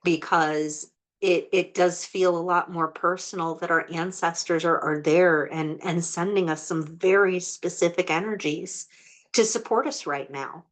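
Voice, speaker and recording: An energy healer with a fairly low voice leads a group healing session over a video call. She intones blessings in a slow, earnest cadence, then chats loosely between them, filling with lots of "like." Her intonation stays fairly even.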